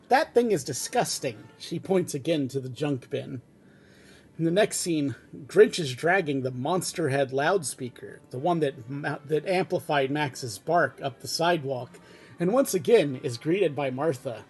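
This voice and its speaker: A man reading a fan script aloud at home, in a relaxed, chatty way with casual asides. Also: on the high side, a little slow, husky, faint music behind. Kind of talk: casual read-aloud narration.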